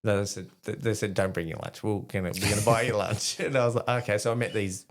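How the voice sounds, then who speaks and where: A man's voice: fairly low pitch, fairly even intonation, fast talker. An Australian army veteran in his forties telling stories casually, rambling with fillers and restarts and acting out dialogue. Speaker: podcast guest, army veteran. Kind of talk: casual storytelling.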